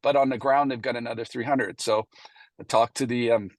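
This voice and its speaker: Middle-aged man, mid-pitched, loose anecdotal delivery, dry close sound. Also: steady tone, brisk, no room sound. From Canada. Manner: anecdotal, acts out past dialogue, frequent fillers. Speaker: presenter at a committee meeting. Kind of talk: casual storytelling presentation.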